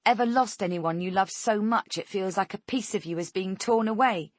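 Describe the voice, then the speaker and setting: A woman's voice: a little high, expressive, moderate pace, fairly bright tone, dry recording, voice pushed up. A woman voicing a cruel, taunting female captor who sneers and snaps. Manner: sneering and snapping.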